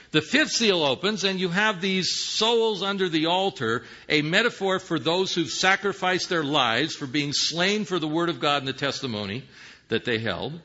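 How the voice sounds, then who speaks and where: Husky, bright-voiced preacher man. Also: a little high. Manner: teaching Bible verses with rhetorical questions; swings from hushed to emphatic. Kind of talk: sermon. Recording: dull lo-fi sound.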